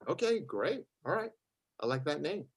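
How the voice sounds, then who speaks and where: A man's voice: fairly high pitch, sing-song, moderate pace, husky, no echo. Man on a friendly practice call. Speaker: networking group member. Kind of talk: role-play referral call.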